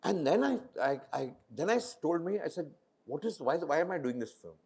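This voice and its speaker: Onstage, an Indian English-accented film director in middle age chats casually, his brisk voice on the high side and gravelly, husky. He's an animated storyteller who performs the lines he quotes.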